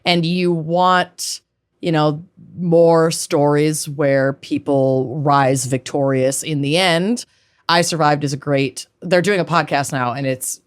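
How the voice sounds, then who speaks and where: Slow, low-voiced woman podcast host. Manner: laid-back, rambling with fillers. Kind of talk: casual chat.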